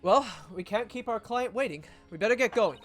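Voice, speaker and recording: A woman streamer chatting casually and voicing the lead lawyer, giggly and excitable. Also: fairly high pitch, a little fast, faint music behind. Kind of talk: casual live-stream chat and voice acting.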